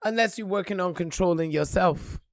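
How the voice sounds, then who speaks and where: A woman giving an impassioned, profane motivational talk on a live stream, repeating lines and building to shouts. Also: fairly low pitch, moderate pace, dry recording, clean studio sound. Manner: preachy, profane, rising to shouts.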